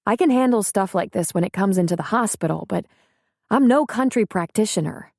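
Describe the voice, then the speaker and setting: A woman's voice: mid-range voice, lively intonation, fairly quick, creaky, a little mellow, no echo, studio quality. A woman voicing an earnest, candid young nurse from the city in an audiobook reading.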